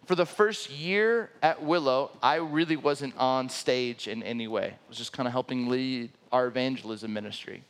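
A man's voice: mid-range voice, moderate pace, few pauses. A man in his thirties preaching a sermon as a pastor, telling a personal story and acting out the quoted dialogue.

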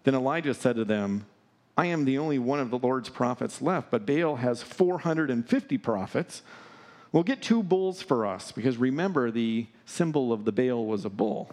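A man's voice: medium pitch, expressive, moderate pace, a little mellow. A man preaching a sermon, retelling a scripture story with humor and acting out the characters in mocking voices. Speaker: pastor.

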